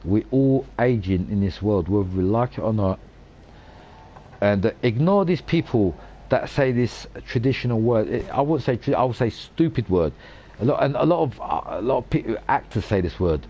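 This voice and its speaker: A man in his forties talking casually over a racing game. He drifts into blunt, profane rants and hammers his points home by repeating them. His voice sits at an ordinary middle pitch. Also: animated, moderate pace, a little mellow. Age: 40s. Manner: swears a lot, rants emphatically with repeated phrases. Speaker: gaming channel host. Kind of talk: casual rambling commentary over gameplay.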